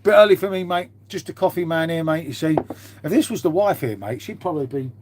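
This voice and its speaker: A man talks loosely through a live stream from his half-converted garage, his voice sitting a little high. He rambles from one thing to the next, drops casual swearing and calls everyone mate. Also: lively intonation, quick pace, noisy background. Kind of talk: casual live-stream chat reading viewer comments.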